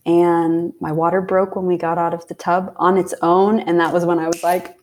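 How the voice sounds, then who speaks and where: A woman from Pennsylvania, a podcast guest, telling a personal story in a heartfelt way, sometimes dropping to a soft whisper. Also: lowish voice, flat delivery, normal speed, few pauses. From Pennsylvania, USA. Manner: heartfelt, drops to soft whispers when recalling intense moments. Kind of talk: casual storytelling.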